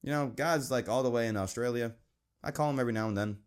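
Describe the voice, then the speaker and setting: A young man hosts a Christian podcast, speaking fast in a clean tone. He is earnest yet conversational, reads scripture verses aloud, and mimics his friends in a high voice.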